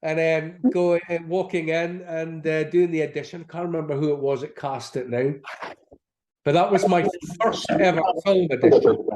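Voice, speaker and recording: A man's voice: a little high, moderate pace, mellow, a little hiss or hum. A middle-aged man recalls his career in a casual, rambling way. He talks in easy, anecdotal runs, full of restarts. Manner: chatty, laughing, acts out quoted dialogue. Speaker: actor, interview guest.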